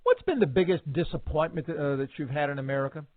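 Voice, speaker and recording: A man's voice: a little high, fast talker, no echo. A man hosting a radio interview, asking questions in a playful, teasing way. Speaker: radio host. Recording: tinny phone-like sound, dry.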